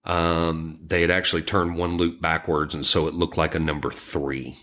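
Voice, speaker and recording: A man co-hosting a podcast, recounting a true crime story in a somber, halting way, with frequent ums and restarts. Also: extremely low pitch, little pitch movement, fairly bright tone. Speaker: podcast co-host.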